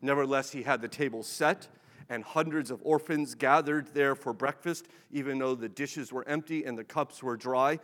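A man's voice: mid-range voice, moderate pace, fairly bright tone, big-room sound. A man preaching a sermon in a conversational, humorous way, acting out bits of dialogue.

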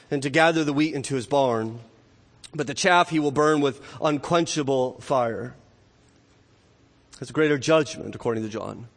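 A man preaching a sermon as pastor, impassioned, rising to shouts when he quotes. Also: a little high. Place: church sanctuary. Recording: reverberant hall.

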